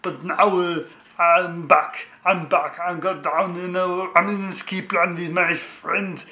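A man doing a deliberately bad impression of a famous bodybuilder action star, with a gruff voice and a heavy put-on accent. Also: fairly even intonation, pushed and bright, exaggerated voice. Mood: boastful. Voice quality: gruff, booming, exaggerated accent. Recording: echoey room.

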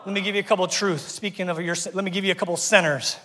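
A middle-aged man preaching a lively, conversational sermon to a congregation, breaking off and restarting his sentences. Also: sits high, rapid-fire. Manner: energetic, conversational, self-interrupting. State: getting out of breath. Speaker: pastor. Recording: reverberant church hall.

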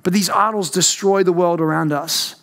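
A young pastor preaches to his church in a high, bright-toned voice. He pushes up into loud outbursts, then drops to quiet, searching questions. It is a passionate, heartfelt sermon. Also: normal speed, creaky. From Australia.

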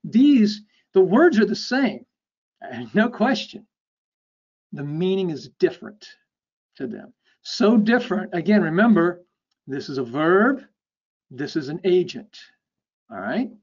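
A man delivers an academic lecture in a fairly high voice, walking listeners through each point and checking in with "okay?". He often stops and restarts mid-sentence. The recording is dull and lo-fi. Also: sing-song, darkish tone, husky. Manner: explanatory, checks in with frequent "okay?"; halting, with repeated restarts.

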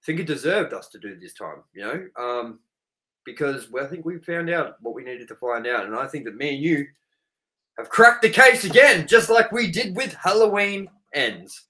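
A man's voice: on the high side, big pitch swings, moderate pace, bright, forceful tone. Ranting Australian man, podcast host. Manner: profane, heated ranting. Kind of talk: casual podcast chat.

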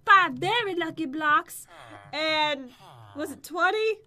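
Woman, sick, giggly co-host, very high voice, bright. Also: expressive, slow pace. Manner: giggly, playful. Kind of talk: casual let's play chat.

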